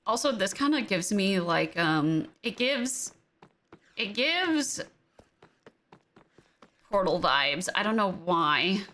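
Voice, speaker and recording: A young woman streamer talks through her game in a loose, chatty way, playful and quick to exclaim over what she has made. Her voice is bright and forward, with a sharp, clear edge. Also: medium pitch, very animated. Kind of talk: casual gameplay commentary.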